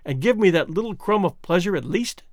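Earnest pleading young gentleman, read by a man, lively tone, dry sound. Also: high voice, brisk, no room sound. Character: young gentleman, devoted and hurt. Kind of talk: audiobook character reading.

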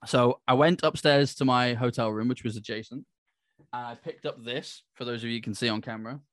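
A man telling a business story in a casual, animated way, acting out the dialogue. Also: medium pitch, brisk, no room sound, studio quality. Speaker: business speaker. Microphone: handheld microphone.

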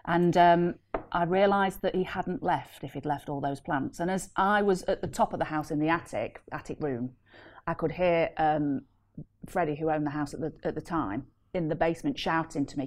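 A woman tells a story in a casual panel chat, animated and laughing as she acts out the people in it. Her voice sits fairly low for a woman. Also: a little fast. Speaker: property deal packager.

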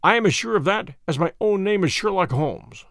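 A cool, commanding detective in an audiobook, speaking with brisk authority, voiced by a male reader. His voice sits high and moves a lot. The recording is close and dry. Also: animated, a bit bright, no echo. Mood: firm. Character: cool, firm master detective.

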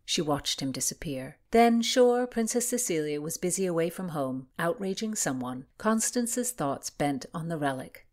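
A woman's voice: on the low side, animated, moderate pace, hardly any pauses, darkish tone. Woman narrating a historical novel. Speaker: audiobook narrator. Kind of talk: scripted narration.

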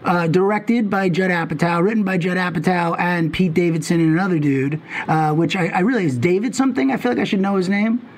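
A man's voice: high voice, fairly quick, hardly any pauses. A man co-hosting a podcast, rambling and joking, often cutting in on his partner. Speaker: podcast co-host. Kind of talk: casual chat.

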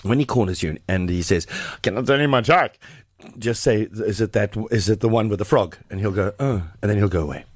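A man's voice: lowish voice, fast talker, few pauses, slightly rough, dry recording, studio quality. A man, a radio host telling a long joke on a breakfast show and acting out the characters. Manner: animated storyteller, acting out characters.

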